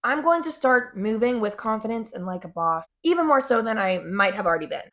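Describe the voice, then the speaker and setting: This young woman's vlog voice sits on the high side, bright, expressive, and quick. She talks to camera in a relaxed, chatty way, cursing frequently and leaning on "like" as filler.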